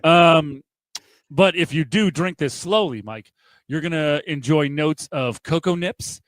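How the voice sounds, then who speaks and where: A man's voice: a little high, expressive, unhurried. A man co-hosting a casual podcast, talking in an easygoing, agreeable and upbeat way. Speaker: podcast co-host. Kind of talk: casual chat. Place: home garage.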